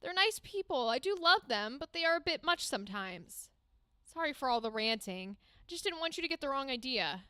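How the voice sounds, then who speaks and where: Woman reading as a guilty young girlfriend, anxious, apologetic, high bright voice. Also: very animated, a little fast, smooth, no echo, clean studio sound, exaggerated voice.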